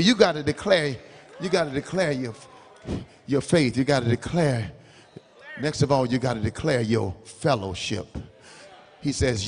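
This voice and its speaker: A middle-aged man preaching a revival sermon in a church, rising to shouted, half-sung climaxes. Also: on the high side, big pitch swings, a little slow, pauses often, breathy edge. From United States. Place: large church sanctuary. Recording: church hall reverb.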